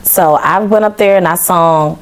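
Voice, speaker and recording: A woman's voice: lowish voice, moderate pace, clean tone. A young woman from Memphis, a podcast guest telling her story in casual chat and acting out the dialogue. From Memphis, Tennessee. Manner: animated, acts out quoted dialogue.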